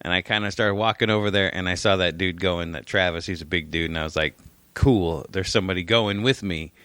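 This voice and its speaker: Animated man telling a story. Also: sits low, a little fast, smooth, no echo. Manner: animated storytelling, swearing, mimics others. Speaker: podcast co-host. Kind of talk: casual chat.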